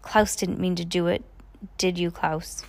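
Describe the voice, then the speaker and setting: A woman's voice: lowish voice, little pitch movement, measured pace. A woman reading aloud and voicing a cheerful, relentlessly optimistic injured mill worker man. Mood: chipper. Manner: chipper, upbeat.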